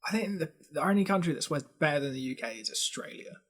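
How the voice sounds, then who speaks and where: Husky, giggly man, high and lively. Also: fast. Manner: giggly, sweary, mock-ranting. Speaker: podcast co-host. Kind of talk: casual chat.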